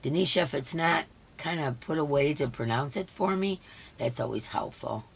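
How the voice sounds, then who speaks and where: A hoarse woman hosting a casual live stream. She chats along and greets each viewer by name. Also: deep voice, lively intonation, normal speed. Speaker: livestream host.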